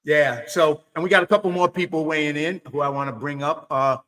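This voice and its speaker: A man from New York hosting a webinar, telling stories in a casual, animated way with frequent restarts and "you know.". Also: a little high, fairly quick, low-quality recording. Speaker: webinar host. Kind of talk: casual storytelling chat.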